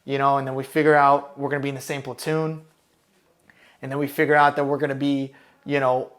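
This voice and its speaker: A man's voice: medium pitch, level tone, a little fast, fairly bright tone. A man, a military veteran from Los Angeles County, telling war stories in a casual, profane, rambling way with lots of fillers. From Los Angeles County, California. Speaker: Marine combat veteran guest. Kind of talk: casual storytelling.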